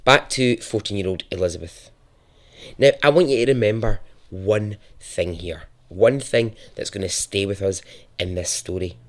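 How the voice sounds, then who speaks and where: Scottish man with a lowish voice telling a story. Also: normal speed. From Scotland. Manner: lively, chatty and profane, dropping to a hushed, dramatic tone for dark moments. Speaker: podcast host. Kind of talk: conversational true-story narration.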